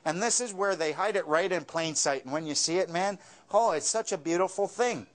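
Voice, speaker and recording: A man's voice: high-pitched, brisk. A man giving a talk, telling wry stories and dropping dry punchlines. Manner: wry, joking storyteller with a dry punchline delivery. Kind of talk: storytelling talk with jokes.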